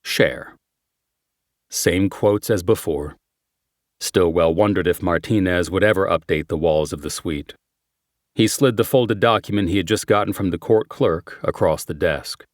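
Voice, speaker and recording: A man reads a crime thriller audiobook in a measured, steady manner. His voice sits low. The recording is close and dry, with no room sound. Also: no echo. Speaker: audiobook narrator. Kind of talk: scripted narration.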